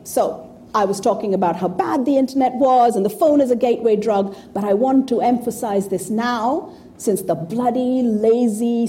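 A woman in her fifties with a warm, medium-pitched voice gives an informal talk to an audience. She is blunt, profane, and sarcastic.

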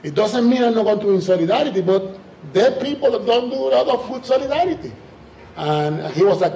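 A man with an accent answering audience questions at a lecture, acting out dialogue in an animated way. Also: sits high, a little fast, vocal fry, slight background noise. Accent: Spanish-speaking. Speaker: guest speaker. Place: lecture hall. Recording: echoey hall, mic from far off.

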